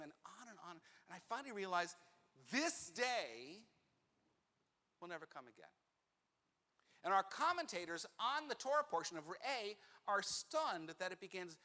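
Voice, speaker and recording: A man, a rabbi, telling a personal story in a sermon, animated and acting out the voices of the people in it. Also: high-pitched, normal speed. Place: synagogue sanctuary. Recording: reverberant hall.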